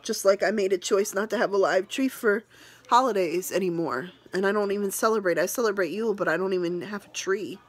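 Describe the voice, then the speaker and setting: A woman's voice: mid-range voice, a little fast, husky. Earnest, tearful woman vlogger. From New England. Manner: earnest, tearful, rambling with restarts. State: emotional, near tears. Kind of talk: emotional personal vlog.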